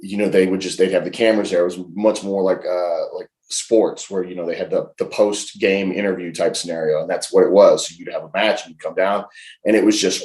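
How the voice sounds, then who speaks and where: A man in his forties, an interview guest, telling lively anecdotes in a casual way and acting out the quotes. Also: deep voice, fairly quick. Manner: lively anecdotal storyteller, laughs and acts out quotes. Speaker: professional wrestler, interview guest. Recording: roomy echo.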